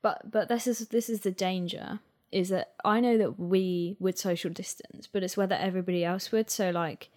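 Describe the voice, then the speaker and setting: A woman's voice: medium pitch, fairly even intonation, normal speed, hardly any pauses, darkish tone. A woman co-hosting a podcast, chatting casually and using "like" a lot. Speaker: podcast co-host. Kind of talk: casual chat.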